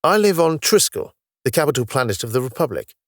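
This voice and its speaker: A man's voice: mid-range voice, big pitch swings, fairly quick, no room sound, clean studio sound, pitched above the performer's own voice. A man voicing a patient, explanatory space officer. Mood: explaining. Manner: patient, explanatory, lightly wry. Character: calm knowledgeable male future space officer.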